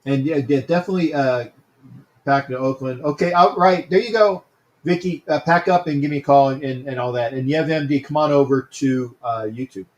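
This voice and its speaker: A man's voice: mid-range voice, brisk, lo-fi sound. A man hosting a casual sports talk livestream, greeting viewers by name and often repeating himself.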